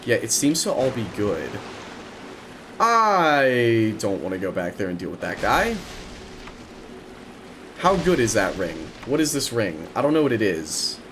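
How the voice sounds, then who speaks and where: A young man commentating his own video game run, excitable and prone to repeating words in rapid bursts. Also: fairly low pitch, background noise. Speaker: gaming streamer. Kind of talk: let's play commentary.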